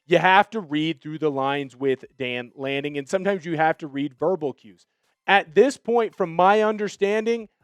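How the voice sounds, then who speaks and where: A man hosting a sports show, giving emphatic, animated commentary and talking straight to his viewers. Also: on the high side, clear, resonant tone, dry recording.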